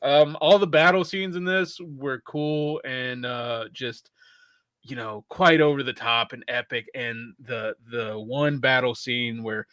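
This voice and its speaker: A man's voice: medium pitch, steady tone, slow, a bit bright, no room sound. A man co-hosting a podcast, chatting casually about a film with lots of restarts and the odd curse word. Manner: rambling with many restarts and casual swearing. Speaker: podcast co-host. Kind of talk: casual film review chat.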